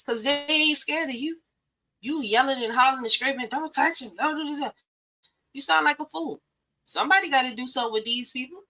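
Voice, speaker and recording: Blunt, bright-voiced woman lecturing listeners. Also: on the high side, low-quality recording. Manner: blunt, profane, emphatic. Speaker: podcast host. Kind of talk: preachy motivational talk.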